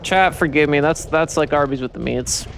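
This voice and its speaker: A man's voice: a little high, normal speed, gravelly, a bit bright, a little hiss or hum. A man streaming a video game in casual chat, swearing freely and rambling with restarts, tired from poor sleep.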